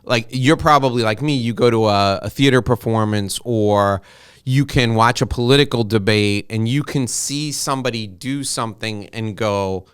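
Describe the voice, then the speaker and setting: A middle-aged American man hosting an interview, chatty and openly emotional, talking in quick asides with frequent restarts. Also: medium pitch, clear, resonant tone, no room sound, clean studio sound. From United States. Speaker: podcast host and interviewer. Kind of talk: casual interview conversation.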